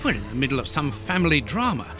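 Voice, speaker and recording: A man's voice: medium pitch, sing-song, quick pace, over music, lightly acted. An actor playing an earnest, formal male doctor companion in a video game.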